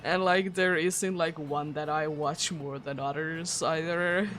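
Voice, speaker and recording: Speaking slowly in a deep, steady, slightly bright voice, this young streamer from Finland talks in English with a Finnish accent, English being her second language. Her livestream chat is casual and giggly. She laughs frequently and often restarts.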